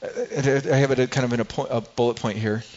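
A man's voice: medium pitch, steady tone, quick pace, darkish tone, muffled recording. A man preaching a sermon as pastor, talking in a conversational way with frequent restarts and acted-out quotes.

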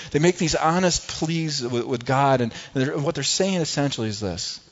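A male pastor preaches in a middle-pitched voice, often restarting his phrases and then swelling into pleading, quoted prayers. The recording is dull and lo-fi. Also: moderate pace, few pauses. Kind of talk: sermon.

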